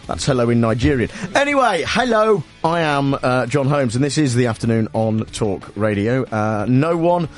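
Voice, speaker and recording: A man's voice: mid-range voice, very animated, moderate pace, hardly any pauses, faint music behind. A man hosting an afternoon talk radio show, rambling through sardonic banter. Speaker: radio host. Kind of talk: comic radio show opening.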